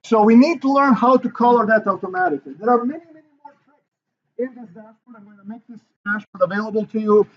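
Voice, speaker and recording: A man's voice: high-pitched, darkish tone, muffled recording. A male university instructor giving a recorded class lecture in a casual, rambling way with many fillers and restarts.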